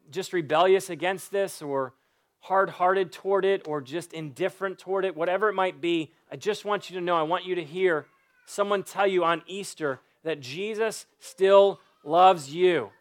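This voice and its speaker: A pastor with a fairly high voice, a man who preaches with earnest, pleading insistence. He drives his points home by repeating phrases, and his sermon moves into prayer. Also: normal speed. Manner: earnest, pleading, repetitive emphasis.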